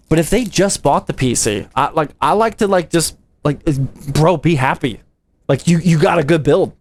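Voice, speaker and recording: A young man from the United States, a PC building streamer, chatting casually with his live chat in a slangy, playful way. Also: on the high side.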